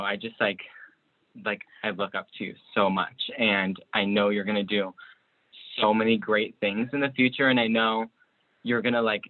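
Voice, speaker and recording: A young man, a student, giving a nervous, choked-up tribute to a friend on a video call. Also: on the low side. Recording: tinny video call audio.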